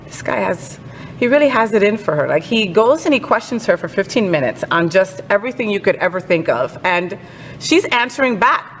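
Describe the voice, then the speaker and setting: A woman's voice: medium pitch, expressive, normal speed, a bit bright, big-room sound. A woman hosting a casual entertainment news chat, sassy and outspoken. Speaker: host.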